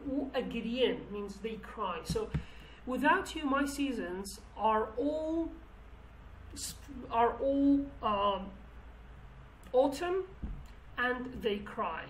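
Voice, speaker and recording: Female teacher, Kurdish accent, slightly high pitch, explains patiently with restarts; roomy recording. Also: expressive, drawn-out words. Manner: explanatory, with many restarts and fillers. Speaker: language teacher. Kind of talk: language lesson. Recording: roomy with faint background noise.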